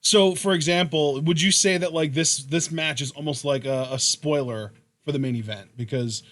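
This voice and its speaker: A man's voice: a little high, normal speed, fairly bright tone, dry recording. A young man hosting a podcast in casual chat, rambling through long questions. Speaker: podcast host.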